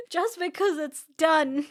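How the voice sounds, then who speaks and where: A woman's voice: extremely high pitch, expressive, takes it slowly. A young woman co-hosting a podcast, chatting casually about a film with wry, thoughtful remarks. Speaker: podcast co-host.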